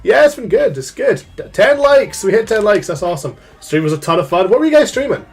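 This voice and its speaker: Lively game master, fairly high voice. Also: male voice, fairly quick, breathy edge, faint music behind. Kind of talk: narrating a tabletop game.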